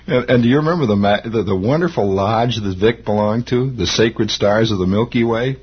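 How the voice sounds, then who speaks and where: A man's voice: on the low side, moderate pace, a little hiss or hum. A male radio host telling rambling stories, chuckling as he talks, on a lo-fi old radio recording. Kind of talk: nostalgic storytelling.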